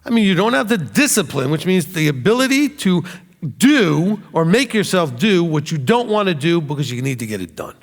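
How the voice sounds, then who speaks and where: A man in his fifties giving a blunt, animated teaching, often mimicking the people he talks about. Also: a little high, normal speed, creaky. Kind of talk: sermon-style teaching. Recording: long hall reverb.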